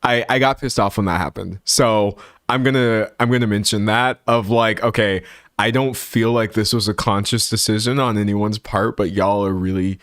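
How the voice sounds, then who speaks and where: A man's voice: lowish voice, fairly even intonation, normal speed, fairly bright tone, dry recording, studio quality. Laughing man ranting on a livestream. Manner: laughs often, rambling with restarts. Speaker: livestream host. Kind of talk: casual livestream rant. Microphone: streaming microphone.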